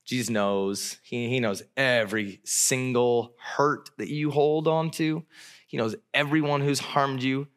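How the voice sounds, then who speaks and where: Male pastor, sermon delivery, animated storyteller, bright and forceful tone. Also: mid-range voice, measured pace. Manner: animated preacher who acts out voices.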